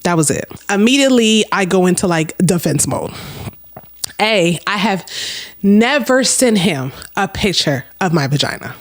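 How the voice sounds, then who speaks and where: Animated, profane woman telling a story. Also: medium pitch, moderate pace. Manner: animated, profane, talks straight to viewers. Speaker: storytime vlogger. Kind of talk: casual storytelling.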